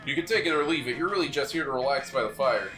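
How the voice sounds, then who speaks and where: A man's voice: medium pitch, animated, quick pace, sharp tone, soft background music. A man voicing a chatty, gossip-loving male camper in a theatrical, eager manner during a tabletop game. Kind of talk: playing a character in a tabletop game.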